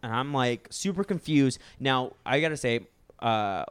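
A man's voice: medium pitch, lively intonation, measured pace, smooth, no room sound. A young man co-hosting a podcast, telling a story in casual chat and acting out other people's lines.

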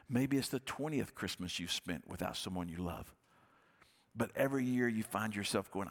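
A man's voice: on the low side, creaky. A male pastor giving a sermon in an earnest, conversational way, often repeating his phrases.

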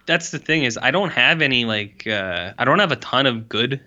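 Bright-voiced rambling young man. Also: medium pitch, lively intonation, moderate pace, lo-fi sound. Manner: rambling, filler-heavy, exasperated. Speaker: podcast co-host. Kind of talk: casual chat.

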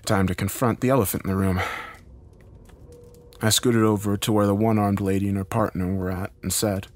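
A man narrating a first-person horror story in a somber, measured storytelling manner. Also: on the low side, fairly even intonation, a little mellow.

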